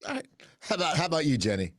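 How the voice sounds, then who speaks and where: A man's voice: on the high side, racing, dry recording. A man hosting a podcast in a recording studio, chatting casually and joking with his guests. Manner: lively, jokey, mimics others. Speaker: podcast host. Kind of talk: casual interview chat.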